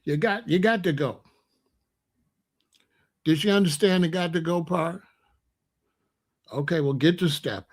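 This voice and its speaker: A man's voice: fairly high pitch, unhurried, pauses often, husky. A man hosting a casual monologue, talking in a loose, joking, rambling way. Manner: loose, joking and rambling, laughs at own jokes. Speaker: host.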